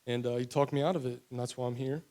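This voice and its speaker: Young man, from West Virginia, personal testimony, candid and rambling, medium pitch. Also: steady tone, fast, dark tone. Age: young adult. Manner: rambling, candid storytelling with many fillers. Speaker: testimony speaker.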